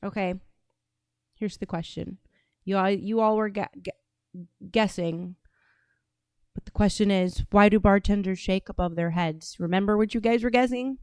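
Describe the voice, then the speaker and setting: A woman's voice: medium pitch, moderate pace, long pauses, darkish tone, clear, resonant tone, no room sound. Blunt, profane woman podcast host. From Atlanta, US. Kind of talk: casual commentary on played clips.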